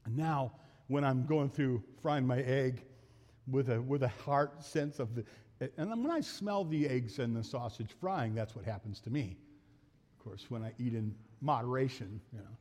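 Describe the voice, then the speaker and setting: A middle-aged man, a pastor, preaching a sermon in a folksy way, rising to loud emphatic peaks and dropping back to asides. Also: mid-range voice, normal speed. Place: church sanctuary. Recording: long reverb of a church hall.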